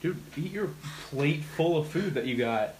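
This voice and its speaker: A man's voice: fairly high pitch, expressive, moderate pace, darkish tone, slight background noise. A young man hosting a casual chat, teasing and joking, with a slight cough. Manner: joking, teasing, does goofy voices in stories. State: has a cough.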